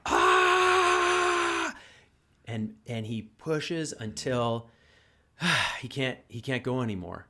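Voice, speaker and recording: A man hosting a podcast conversation, speaking reflectively and haltingly, often repeating words as he gathers his thoughts. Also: medium pitch, sharp tone. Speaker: podcast host. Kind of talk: casual conversation.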